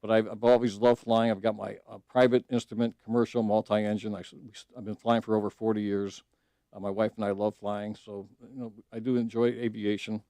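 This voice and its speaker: Middle-aged man, low mellow voice, dry studio sound, earnest guest who restarts often. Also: flat delivery, brisk, no room sound. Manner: earnest storytelling, frequent restarts and fillers. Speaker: judicial candidate, radio guest. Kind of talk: casual radio interview. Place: radio studio.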